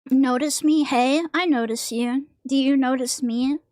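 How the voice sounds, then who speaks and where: A young woman with a high, girlish voice talks slowly and loosely while she draws on stream. She rambles and swears casually, with a dry, close sound from a desk mic. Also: fairly even intonation, darkish tone, no room sound. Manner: rambling, joking, crude. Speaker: vtuber streamer.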